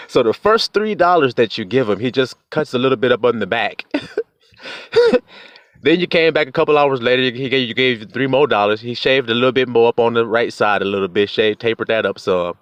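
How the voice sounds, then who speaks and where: A man's voice: mid-range voice, moderate pace, a bit bright, no echo, dull audio. A young man, giving life advice in a casual, preachy monologue, laughing often, swearing, and acting out quotes.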